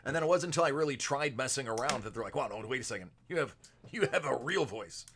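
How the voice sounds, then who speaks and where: A man hosting a live card-break stream, chatting casually with viewers and moving between a projected announcer voice and a softer everyday voice. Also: mid-range voice, expressive, quick pace, slight background noise. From United States. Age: adult with a young son. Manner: chatty, answers viewers by name.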